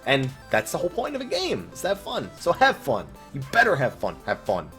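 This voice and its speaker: Animated, blunt-talking male gamer host. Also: on the high side, fairly quick, soft background music. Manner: casual, blunt, swears freely. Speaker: YouTube host answering viewer questions. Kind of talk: casual Q&A commentary about online games.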